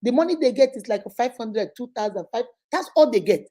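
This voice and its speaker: Nigerian lady host, high warm voice, chatty advice talk, laughs a lot. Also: fairly quick, a little hiss or hum. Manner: animated, laughs often, acts out phone calls. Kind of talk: casual live advice chat.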